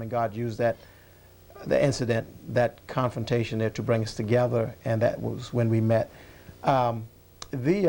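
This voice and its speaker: A man guest in an interview, recalling his past calmly with many pauses and fillers. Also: mid-range voice, gravelly. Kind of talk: conversational interview.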